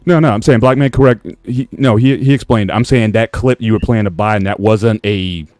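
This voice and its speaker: A man on an online panel, quickly and insistently setting the record straight. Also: on the low side, a little mellow, dry recording, clean studio sound. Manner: quick, insistent, correcting others.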